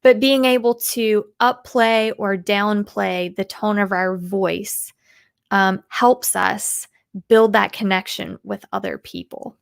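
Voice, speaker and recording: A woman from the United States answering interview questions as a communication coach, animated and acting out example voices. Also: medium pitch, slow pace, gravelly, dry recording.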